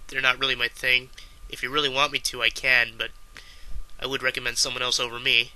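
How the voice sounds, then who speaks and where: A man's voice: mid-range voice, level tone, brisk, bright, forceful tone. A man, a voice actor, casually and modestly presenting his own voice demo. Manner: casual, modest, filler-laden. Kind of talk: voice demo reel.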